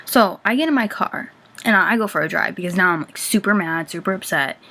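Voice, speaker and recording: A young woman speaks in a casual, confessional vlog style at a middle pitch. Her talk is loose and chatty, full of "like," and at times she sinks to a whisper. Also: a little fast, sharp tone. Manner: chatty, many "like" fillers, drops to a whisper at times. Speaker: vlogger.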